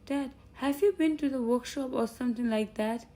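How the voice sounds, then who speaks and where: A woman reading an audiobook voices an easygoing eighteen-year-old son, answering his father in a cheerful, relaxed way. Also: high voice, normal speed, pitched above the performer's own voice. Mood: warm.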